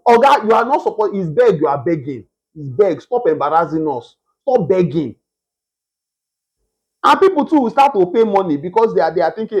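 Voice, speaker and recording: Emphatic husky preacher. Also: male voice, sits high, expressive, moderate pace, a little mellow, muffled recording. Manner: emphatic, repetitive, mimics beggars in a whiny voice. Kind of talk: sermon.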